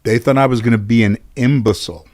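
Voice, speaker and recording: A middle-aged man from the Los Angeles area, a talk show host telling comic stories about his childhood, animated and swearing freely. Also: mid-range voice, fast talker. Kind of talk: comic storytelling.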